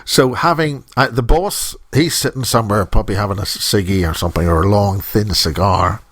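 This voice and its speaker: A man's voice: lowish voice, fairly quick, fairly bright tone, no echo. A middle-aged man hosting a radio show in a studio, rambling and joking as he drifts from topic to topic, close to the microphone. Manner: jokey, digressive, self-interrupting. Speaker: radio host.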